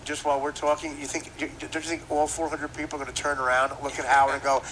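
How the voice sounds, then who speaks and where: A man's voice: fairly high pitch, flat delivery, fast talker, a bit bright, slight background noise, rough recording. A man hosting a podcast, riffing through a profane comedic rant and laughing at his own jokes. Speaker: podcast host.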